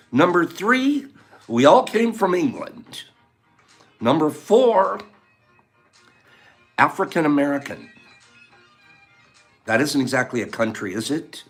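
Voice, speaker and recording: A man's voice: a little high, a bit bright. A man hosting a casual livestream, chatting and answering viewer comments. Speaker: livestream host. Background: faint background music.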